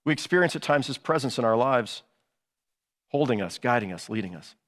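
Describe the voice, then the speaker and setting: A middle-aged man preaching a sermon, his words tumbling out quickly and casually, full of restarts and little asides. His voice rings out in a hall with a long echo. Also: medium pitch, animated, fairly bright tone. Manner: conversational preaching with frequent restarts and "you know". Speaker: pastor.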